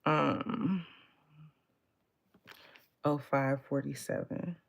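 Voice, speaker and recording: A woman's voice: sits low, fairly even intonation, drawn-out words, gravelly. A woman tarot reader talking in a casual, blunt and profane way, laughing often. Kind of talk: casual live tarot reading.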